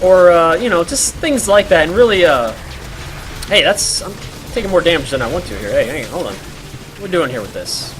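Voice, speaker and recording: A man's voice: on the high side, big pitch swings, normal speed, over music. A man streaming a game while telling a rambling story, full of fillers and laughs.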